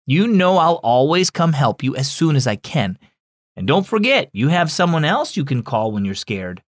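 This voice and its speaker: A man's voice: fairly high pitch, sing-song, moderate pace, no room sound, clean studio sound. A man voicing a patient father reassuring his children in a children's story. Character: calm loving father.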